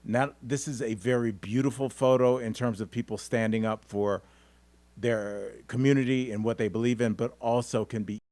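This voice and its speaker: A man's voice: medium pitch, steady tone, moderate pace, a little mellow, no echo. Dry-sounding male podcast co-host. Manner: wry, rambling with many fillers. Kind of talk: casual comedic news chat.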